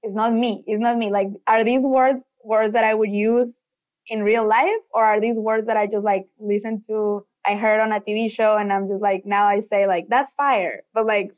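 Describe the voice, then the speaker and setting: A young woman from Mexico who speaks Spanish natively, a guest telling stories in a casual interview, animated and acting out the quotes. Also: mid-range voice, moderate pace. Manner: animated, acts out quotes, filler "like". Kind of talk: casual storytelling in conversation.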